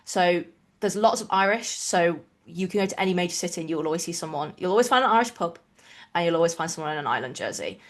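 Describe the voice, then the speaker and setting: An English woman from the East Midlands with a mostly neutral, slightly mixed accent, co-hosting a rugby podcast in an opinionated, animated chat. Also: on the low side. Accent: neutral English with a mixed regional touch. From England, East Midlands. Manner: opinionated, animated, quick asides. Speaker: podcast co-host. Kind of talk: casual chat.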